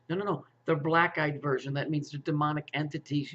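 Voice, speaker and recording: Male commentator, fairly high-pitched, profane rambler who stammers and restarts, muffled lo-fi audio. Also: level tone, fairly quick, few pauses, fairly bright tone. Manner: profane, repetitive, with stammered restarts and rhetorical questions. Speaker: conspiracy commentator. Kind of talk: rambling monologue.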